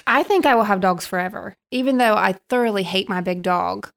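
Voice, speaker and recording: A woman's voice: mid-range voice, fairly quick, creaky. A woman guest in a casual podcast chat, easygoing, with a dry sense of humor.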